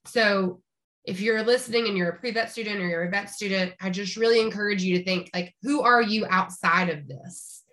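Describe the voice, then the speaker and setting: A woman's voice: medium pitch, a bit bright. A woman in her thirties from rural East Tennessee, a veterinarian chatting as a podcast guest with an upbeat, talkative manner. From rural East Tennessee, Appalachia. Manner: chatty, upbeat, frequent restarts and laughs. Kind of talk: casual interview chat.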